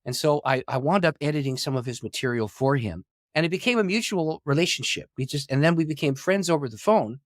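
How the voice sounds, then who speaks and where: A middle-aged man, a pastor and author, telling a long story in an interview with animated delivery, acting out quoted dialogue and laughing often. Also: on the high side, a little fast, few pauses, no echo, studio quality. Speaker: pastor and author, podcast guest.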